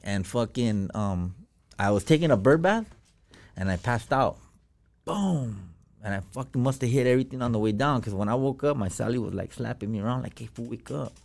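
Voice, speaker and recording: A man's voice: medium pitch, animated, normal speed, vocal fry, darkish tone. A man telling a personal story as a podcast guest, in slangy, profane casual talk full of fillers.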